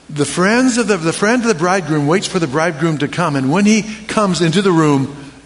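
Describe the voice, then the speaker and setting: Animated preacher man in a reverberant hall. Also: mid-range voice, slight background noise. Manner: animated, humorous, with rhetorical questions. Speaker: pastor. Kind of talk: sermon.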